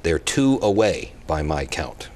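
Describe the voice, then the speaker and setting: A man's voice: deep voice, big pitch swings, unhurried, a little mellow. A man speaking as a guest expert on a TV talk show, giving blunt, emphatic and impassioned answers.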